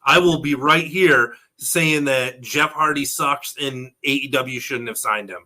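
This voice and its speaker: A man's voice: medium pitch, a little slow, sharp tone. A man co-hosting a casual wrestling podcast, arguing his opinions in a playful, mock-angry way. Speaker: podcast co-host. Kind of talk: casual wrestling review chat.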